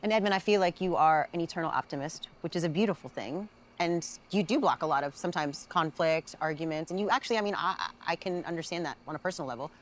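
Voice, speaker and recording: Brief: woman reunion host, deep voice, brisk, affirming tone. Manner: measured and affirming. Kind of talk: moderating a reunion.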